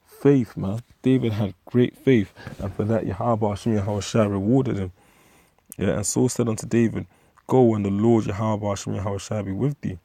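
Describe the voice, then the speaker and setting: A man's voice: fairly low pitch, steady tone, moderate pace, gravelly, mellow, no echo. A man with a London accent teaching from the Bible, reading verses aloud and then retelling them in street slang with many restarts. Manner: frequent fillers and restarts. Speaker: street preacher.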